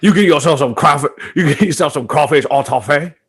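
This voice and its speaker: A man's voice: fairly high pitch, brisk, a bit bright, slightly rough. A man putting on a New Orleans accent as a folksy Southern man pushing local food, hearty and drawling. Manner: drawling, hearty, calls listener boy.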